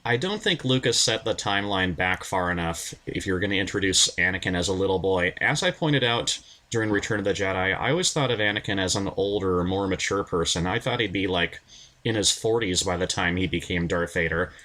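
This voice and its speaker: A man chatting casually in a film commentary, giving plainspoken, measured opinions. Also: low-pitched, expressive, bright, forceful tone. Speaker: commentary co-host.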